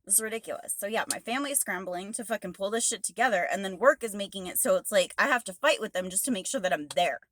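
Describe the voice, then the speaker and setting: A woman's voice: mid-range voice, fast talker, few pauses, a bit bright. A woman truck driver ranting angrily to camera, swearing heavily and exasperated. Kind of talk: angry rant to camera.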